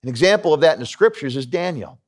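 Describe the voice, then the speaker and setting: A pastor preaching a conversational, emphatic sermon with stories and a New York accent. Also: male voice, on the high side, lively intonation, fast talker.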